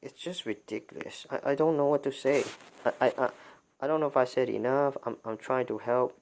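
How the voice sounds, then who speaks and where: A man giving unscripted livestream commentary, halting and stumbling over his words, with frustrated rhetorical questions. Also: medium pitch, steady tone, a little mellow. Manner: halting, many restarts and repeated words.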